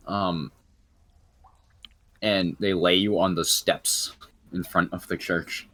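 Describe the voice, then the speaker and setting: Young male game master, deep voice, slow halting narration, tabletop game. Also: fairly bright tone, no echo. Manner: halting, many fillers.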